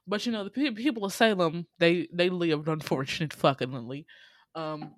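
A woman hosting a podcast, recapping a movie in a casual, profane and animated way, laughing often. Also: lowish voice, normal speed. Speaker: podcast host.

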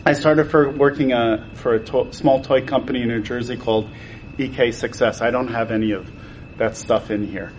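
Toy designer guest, a man with a mid-range voice, animated storyteller who acts out the quotes. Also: medium pitch, normal speed, a little hiss or hum, low-quality recording. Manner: acts out quoted exchanges with voice changes.

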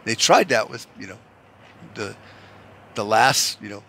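Male, from the US, profane heated monologue; bright tone, lively pitch. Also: a little slow, gravelly, long pauses, slight background noise. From United States. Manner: profane, heated, rambling with restarts. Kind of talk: ranting monologue.

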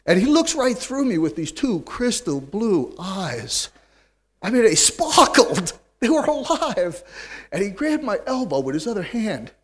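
Animated man telling his story. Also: high voice, measured pace, breathy edge. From United States. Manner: animated, wry storyteller, swings from loud to hushed. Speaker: speaker sharing his recovery story. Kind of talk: storytelling talk to a live audience.

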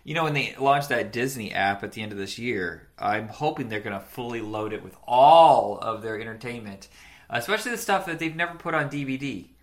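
A man's voice: mid-range voice, animated, brisk. A man in his forties co-hosting a podcast, chatting casually and rambling about old cartoons, laughing easily. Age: 40s. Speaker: podcast co-host.

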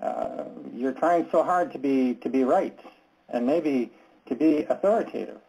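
Brief: man, Bible study leader, gravelly dark husky voice, earnest, halting and direct. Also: mid-range voice, animated, rough recording. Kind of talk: candid group Bible discussion.

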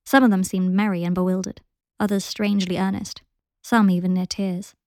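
A woman hosting a podcast, reading a story aloud in a gentle, even storytelling manner. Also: mid-range voice, a little fast, no echo, clean studio sound. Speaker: podcast host and reader.

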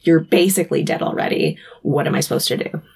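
A woman co-hosting a casual podcast, retelling a TV episode and acting out the characters' lines in quick voices. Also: sits low, vocal fry, a little mellow, slightly rough. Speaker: podcast co-host recapping an episode. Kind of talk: casual chat.

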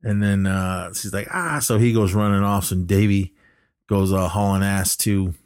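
A deep, steady, slightly mellow male voice at normal speed, cleanly recorded in a studio with no room sound. He's a podcast co-host loosely recounting a movie plot, acting out lines and leaning on plenty of fillers.

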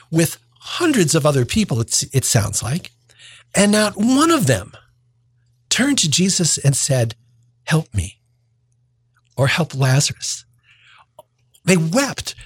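A man's voice: a little high, breathy edge, dry recording. A man reading a gospel passage aloud, then preaching a homily in an earnest tone, often restarting his phrases.

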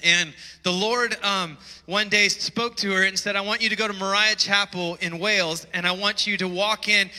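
A man preaching in a church hall, his high voice carrying a long reverb. His tone is bright and forceful as he tells stories and presses his listeners with urgent calls to wake up. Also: steady tone, normal speed, hardly any pauses. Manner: storytelling, emphatic rising calls to wake up. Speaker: pastor. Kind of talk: sermon.

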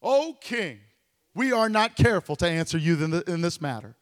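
A preacher voicing three defiant young men. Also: male voice, on the high side, moderate pace, voice pushed down. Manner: steady, resolute refusal. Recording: long church reverb.

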